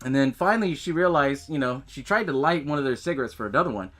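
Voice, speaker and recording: Quick-paced, with lively intonation and a medium-pitched, fairly bright voice, a podcast host casually walks through a film's plot. He's relaxed, curses often, laughs along and performs the movie's lines.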